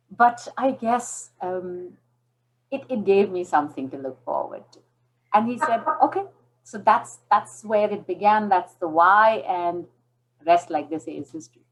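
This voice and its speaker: A woman's voice: medium pitch, animated, measured pace, poor audio. A woman in her forties from India, telling her story as an interview guest and acting out the dialogue in it. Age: 40s.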